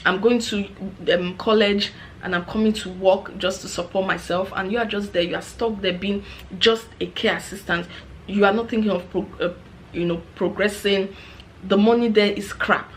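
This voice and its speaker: Brief: frank Nigerian woman, casual storytelling vlog, chatty and animated. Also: medium pitch, moderate pace, slight background noise. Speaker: vlogger, former care assistant.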